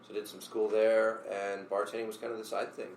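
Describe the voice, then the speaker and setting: A low-voiced man from Saskatoon, Canada, talks easily as a guest on a podcast, with a gravelly edge. He sounds agreeable and relaxed. The room is echoey, with faint noise behind him. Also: brisk. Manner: easygoing, agreeable. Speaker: head bartender, guest. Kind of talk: casual interview chat.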